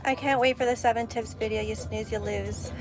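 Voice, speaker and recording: Young woman, frank confessional chat, swears freely, slightly high voice, music playing behind. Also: steady tone, brisk. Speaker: livestream host. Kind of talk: candid personal chat.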